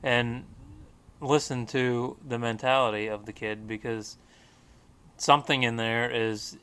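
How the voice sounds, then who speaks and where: A man co-hosting a podcast, chatting casually from a porch outdoors with quick, agreeable remarks. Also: mid-range voice, fairly even intonation, pushed and bright, smooth. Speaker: podcast co-host. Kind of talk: casual chat.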